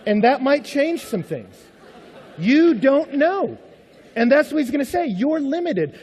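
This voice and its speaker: Animated male preacher in a big echoing hall. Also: very high voice. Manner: conversational, animated preaching with rhetorical questions. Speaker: pastor. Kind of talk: sermon. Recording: long hall reverb.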